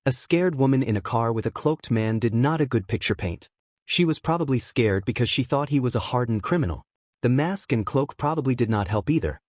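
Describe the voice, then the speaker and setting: A man reading a fan fiction story aloud in a steady, plain manner. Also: mid-range voice, brisk, no echo, clean studio sound. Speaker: narrator.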